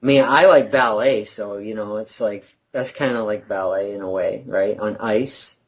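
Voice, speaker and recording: A man's voice: fairly low pitch, normal speed, low-quality recording. A man co-hosting a casual late-night podcast, rambling, trailing off and laughing often. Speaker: podcast co-host.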